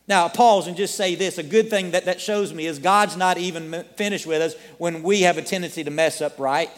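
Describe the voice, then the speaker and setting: A man with a high voice preaches a sermon in a church sanctuary, telling the story with plenty of rhetorical questions thrown at his listeners. His voice rings out with a long reverb tail, as if filling a large hall. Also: brisk, hardly any pauses. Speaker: pastor.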